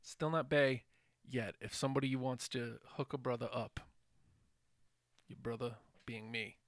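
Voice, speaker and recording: A man's voice: medium pitch, fairly even intonation, measured pace, no room sound, studio quality. A man co-hosting a casual wrestling podcast, laid-back and teasing. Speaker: podcast co-host.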